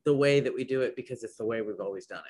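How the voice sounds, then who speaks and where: A man's voice: mid-range voice, quick pace, darkish tone. A man who owns a business, speaking as a podcast guest with enthusiasm and many trailing restarts. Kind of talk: casual podcast conversation.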